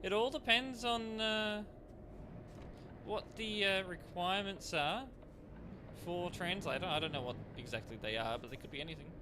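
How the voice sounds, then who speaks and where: A man's voice: high voice, normal speed, noisy background. A man live-streaming a driving game, chatting casually with viewers and reading their messages aloud between frequent fillers.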